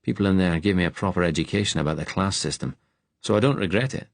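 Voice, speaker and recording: A man's voice: low voice, fast, no echo. A man voicing a blunt, joking working-class Scottish man with a Scottish accent in an audiobook. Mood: wry. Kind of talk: audiobook character voice.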